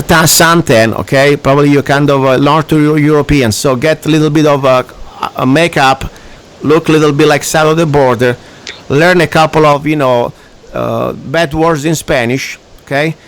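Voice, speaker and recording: A man's voice: a little high, normal speed, fairly bright tone. A man with an Italian accent hosting a radio talk show, ranting emphatically in broken English. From Italy.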